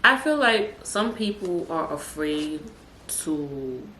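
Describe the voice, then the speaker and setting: Speaking slowly with a low, bright, forceful voice and big swings in pitch, a young adult woman hosts her podcast. Her talk is a casual, emphatic monologue full of repeated words for emphasis and street slang, recorded in an echoey room with a faint hum.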